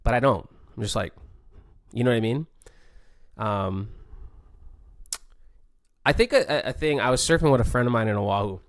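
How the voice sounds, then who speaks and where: A man's voice: mid-range voice, expressive, moderate pace, pauses often, no echo, studio quality. A man talking casually and reflectively, full of laid-back surfer slang and fillers. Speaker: pro surfer podcaster.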